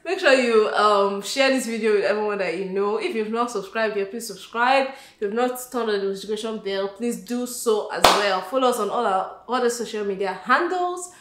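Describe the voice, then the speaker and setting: A woman's voice: mid-range voice, moderate pace, hardly any pauses, a bit bright, roomy sound, a little hiss or hum. A woman co-hosting a comedy vlog with her husband, giggly and upbeat as she addresses viewers. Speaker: vlog co-host, wife. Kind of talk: casual comedic vlog chat.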